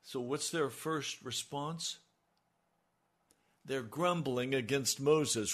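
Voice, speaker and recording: Slow, emphatic male preacher. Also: mid-range voice, a bit bright. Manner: slow and emphatic, rising on key lines. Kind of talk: radio sermon.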